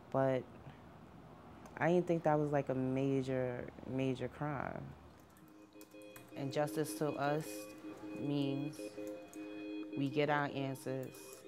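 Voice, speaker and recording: A woman interviewed for a documentary, speaking in a quiet, measured and steady way about her late father. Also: extremely low pitch. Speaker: victim's daughter, interviewee. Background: soft background music.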